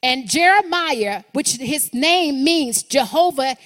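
High-voiced woman preaching in a reverberant hall. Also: animated, takes it slowly, fairly bright tone. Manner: rhythmic repetition, rising and dropping emphasis. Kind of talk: sermon.

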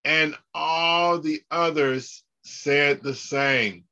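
A man's voice: on the high side, fairly even intonation, bright, forceful tone, clear, resonant tone. A male pastor teaching a Bible class. He goes over scripture phrases again and again and leads the students in repeating them. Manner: unhurried, halting delivery with restarts. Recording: dull lo-fi recording.

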